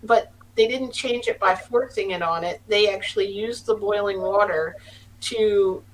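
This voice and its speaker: Recorded on a distant mic with faint hum, a middle-aged podcast guest shares a casual story in a mid-range voice at a slightly slow pace. She comes across earnest and rambling, frequently starting her sentences over.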